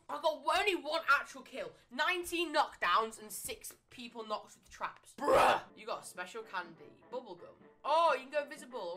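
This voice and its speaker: Excitable high-pitched woman gaming. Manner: excitable, frequent yelps and shouts; fast repetitive exclamations. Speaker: gaming YouTuber. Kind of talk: live gameplay commentary. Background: background music.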